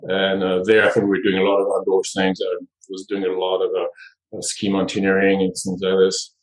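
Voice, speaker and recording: A middle-aged man from France with a French accent, telling his story in a relaxed podcast interview. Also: sits low, fairly quick, poor audio. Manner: relaxed storytelling, light humor. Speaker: board chair guest.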